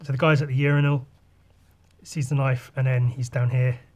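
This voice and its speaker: A man's voice: medium pitch, little pitch movement, moderate pace, a little mellow. Rambling, sweary podcast host guy. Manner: loose, sweary and rambling, with sighs and asides. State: voice a bit rough today. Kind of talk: casual comic walkthrough.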